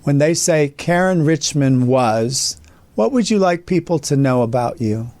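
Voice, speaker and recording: A man's voice: on the high side, sing-song, moderate pace, mellow, no echo. A man hosting an interview, asking questions and offering upbeat encouragement. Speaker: interview host.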